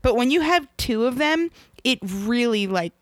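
Woman podcast co-host, lively up-and-down pitch, dry close sound, playful and joking. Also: no echo. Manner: joking, animated, does quick silly voices. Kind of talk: casual chat.

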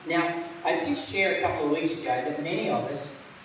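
A man giving a casual, rambling sermon with a slightly high voice. He talks like a pastor chatting with his congregation, and he often stops and starts again mid-sentence. The recording sounds like a big, echoey church hall picked up from far off, with a faint hiss underneath. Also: fairly quick, fairly bright tone. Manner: rambling, conversational, many fillers and restarts. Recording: echoey room, mic at a distance, faint hiss.

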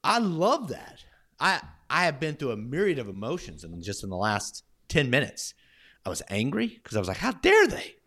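A man's voice: mid-range voice, sing-song, moderate pace, sharp tone. A man talking enthusiastically and encouragingly in a casual faith conversation.

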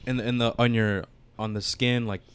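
A man's voice: mid-range voice, level tone, a little fast, clear, resonant tone. Young male co-host, loose and profane, restarts a lot, casual podcast storytelling. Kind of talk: casual chat.

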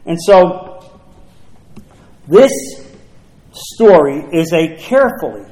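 A man preaching a sermon as pastor, emphatic, repeating key phrases and slowing down to read scripture aloud. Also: high voice, roomy sound, low-quality recording.

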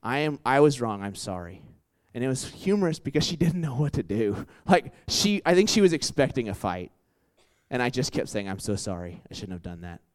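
A man's voice: mid-range voice, very animated, fairly quick. A young man giving a casual campus sermon, telling stories and acting out quotes, with many "like"s and restarts. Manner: conversational, lots of "like" and restarts, acts out quotes. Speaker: campus ministry preacher.

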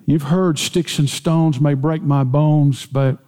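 A man preaching in a church sanctuary, his voice sitting a little high for a man and carrying a long hall reverb. He talks slowly and deliberately, pressing each point with emphasis and rising as he quotes scripture. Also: steady tone, dark tone. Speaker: pastor. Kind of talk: sermon.

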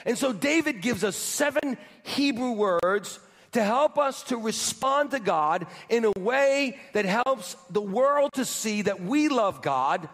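A pastor delivering a sermon in a very high voice for a man, leading the crowd in call-and-response and repeating his lines for emphasis. The sound rings with long reverb, as in a large church hall. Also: lively intonation, takes it slowly, fairly bright tone.

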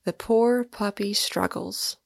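Woman reading as a sullen, softly menacing young man. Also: steady tone, takes it slowly, creaky, no room sound, clean studio sound. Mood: gently menacing. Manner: soft, low-key tenderness. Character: sullen young male undergraduate, mildly menacing.

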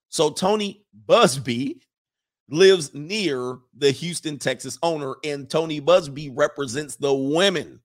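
A man giving casual sports commentary who rambles, often restarting and correcting himself. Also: medium pitch.

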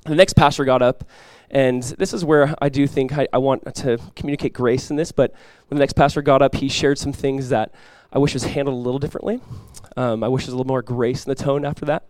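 A man preaching a sermon as pastor, telling a personal story conversationally with light humor, and praying softly and earnestly. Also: mid-range voice, fairly even intonation, fast talker, hardly any pauses, dry recording.

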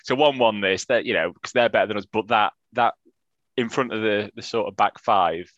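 A man's voice: lowish voice, normal speed, a bit bright, no room sound, highs cut off. A man co-hosting a casual football podcast, chatty and self-mocking. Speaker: podcast co-host.

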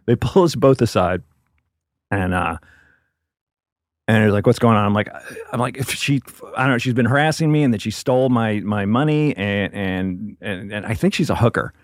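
A man's voice: on the low side, moderate pace, dry recording, clean studio sound. A man, a comedian, telling a rambling casual story, laughing as he goes and acting out voices. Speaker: comedian guest.

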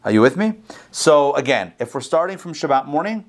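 Guy teaching a bible class over a video call, kinda high voice, keeps checking if folks follow. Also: very animated, brisk. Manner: chatty, self-correcting, checks in with listeners. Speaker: Torah teacher. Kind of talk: conversational online Bible class.

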